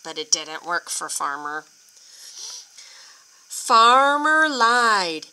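A woman reads a picture book aloud to young children and stops to ask them questions. Her delivery is unhurried, with pitch that swoops up and down. Her tone is very bright. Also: smooth, poor audio. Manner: expressive, asks children questions. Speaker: storyteller for children.

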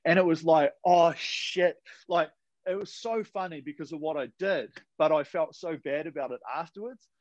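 A man's voice: fairly high pitch, brisk, a little mellow, no room sound, lo-fi sound. A man with a New Zealand accent, a podcast guest telling sports stories in a laid-back, slangy way with casual swearing. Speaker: podcast guest, retired rower. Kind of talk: casual storytelling chat.

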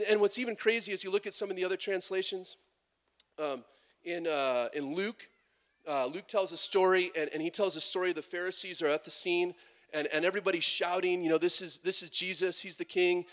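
Guy pastor giving a lively sermon, lots of restarts, acts out quotes, high-ish voice. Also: brisk. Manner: animated, many restarts and acted-out quotes.

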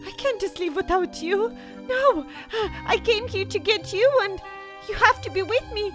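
A woman's voice: extremely high pitch, lively intonation, moderate pace, a bit bright, faint music behind. A woman voicing an unhinged, possessive young woman who stalks the man she loves, sliding from creeping menace into pleading, in a Minecraft role-play. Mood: distraught.

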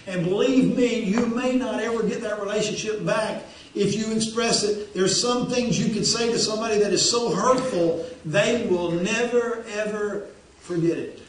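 A man's voice: sits high, normal speed. A man preaching a sermon as pastor, folksy and repeating phrases for emphasis. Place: church sanctuary. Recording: very echoey church hall, distant.

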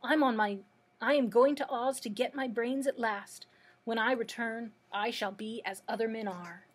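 A woman's voice: a little high, fairly even intonation, normal speed, slightly rough. A woman reading aloud as a hopeful scarecrow who longs for brains, speaking eagerly. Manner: eager, cheerful pleading.

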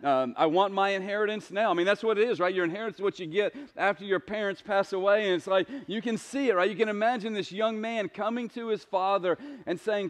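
A male pastor preaching a sermon in a conversational, animated way, often asking the congregation rhetorical questions. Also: high voice, quick pace, few pauses. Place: church sanctuary.

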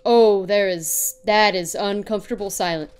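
A woman's voice: medium pitch, moderate pace, a little mellow, a little hiss or hum. A young woman playing a horror game on her channel, panicking, shrieking and laughing nervously as she talks. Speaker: let's play gamer.

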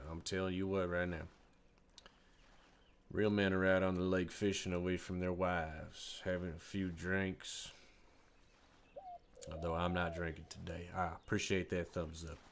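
A gruff country fisherman grumbles and drawls in a put-on American country accent, as a man plays him on a live stream. The voice sits very deep and folksy, a homespun talker with plenty to say about real work. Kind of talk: live stream role-play.

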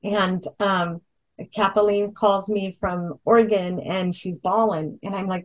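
A woman's voice: mid-range voice, fairly even intonation, measured pace, low-quality recording. A woman talking casually, telling stories with lots of ums and restarts. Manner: chatty storyteller, many ums and restarts. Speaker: product presenter. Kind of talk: casual chat. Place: Hawaii.

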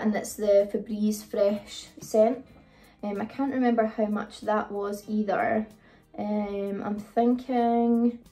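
A British woman talks through her shopping haul in a loose, rambling way, full of ums and asides. Her voice sits a touch high and is picked up from a little distance, with faint music playing underneath. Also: mellow. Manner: chatty, rambling, frequent ums. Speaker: vlogger. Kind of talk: casual haul video chat. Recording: voice a bit far from the mic, faint music.

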